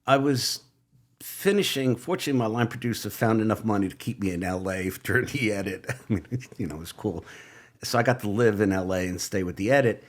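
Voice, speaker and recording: An older man, a guest writer and producer, telling animated stories in a relaxed interview, quoting people and laughing between lines. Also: on the low side, a little fast. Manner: animated anecdotes with laughs and quoted asides. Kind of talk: relaxed storytelling in conversation.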